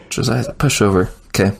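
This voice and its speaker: A man's voice: medium pitch, gravelly, a little hiss or hum. A man playing in a tabletop game, chatting casually and joking. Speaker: player.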